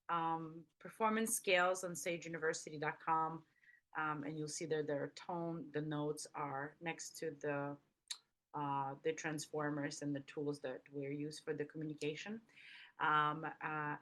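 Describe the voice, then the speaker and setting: A woman's voice: on the low side, fairly bright tone. A woman hosting a casual chat, upbeat and affirming, laughing often as she talks. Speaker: host.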